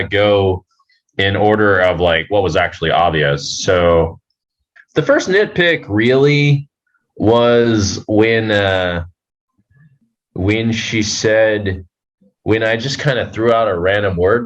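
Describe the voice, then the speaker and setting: A man telling a personal story as a podcast guest, halting and rambling, swearing freely. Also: on the low side, lo-fi sound. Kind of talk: casual storytelling.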